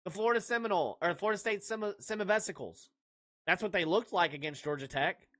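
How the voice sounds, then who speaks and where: A fast-talking man with a high, expressive, pushed, bright voice hosts a live sports podcast and answers his chat. He's brash, shooting off dismissive outbursts and ranting loosely and jokingly between team picks, laughing at his own lines.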